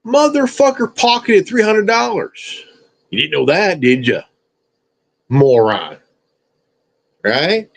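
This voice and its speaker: Brief: man, high lively voice, slow scolding profane rant. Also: gravelly, rough recording. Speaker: streamer. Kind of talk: confrontational rant.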